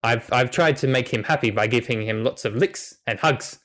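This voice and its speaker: A man voicing a huge, gentle, eager male dog who talks politely and chattily. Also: mid-range voice, normal speed, natural voice. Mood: sad. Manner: friendly, chatty, apologetic.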